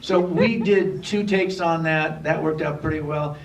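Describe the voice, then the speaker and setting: A man, a filmmaker, answering audience questions at a cinema Q&A with a jokey, energetic manner. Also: a little high, a little slow, gravelly, a little hiss or hum. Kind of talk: Q&A talk on stage. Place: cinema theatre. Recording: far from the mic.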